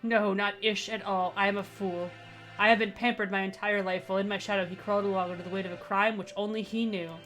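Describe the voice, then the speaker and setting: A woman's voice: mid-range voice, steady tone, fast, fairly bright tone, soft background music, lightly acted. A woman voicing a proud, aloof young aristocrat pigeon in stiff, formal speech. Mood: self-reproach. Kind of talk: reading game dialogue aloud.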